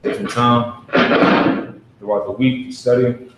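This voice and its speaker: A man standing in as teacher in a live online class, talking casually and slowly sounding out letters one by one with emphasis. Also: medium pitch, steady tone, heavy background noise. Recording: echoey room, voice from a distance.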